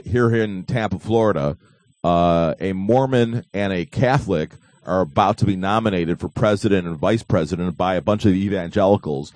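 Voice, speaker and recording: A man's voice: sits low, darkish tone, no echo. A man hosting a live online talk show, joking and rambling with frequent fillers and restarts. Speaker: host.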